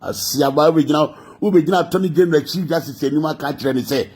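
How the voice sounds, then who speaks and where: A man's voice: on the high side, fast talker, darkish tone, slight background noise. Mocking, laughing Ghanaian man. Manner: laughing, mocking, mixing languages. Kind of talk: mocking gossip commentary.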